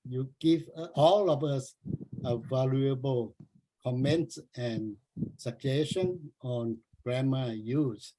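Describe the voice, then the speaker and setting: A man's voice: fairly high pitch, a little mellow, slight background noise, low-quality recording. A man hosting an online club meeting on a video call, formally introducing the next speaker in an announcing manner.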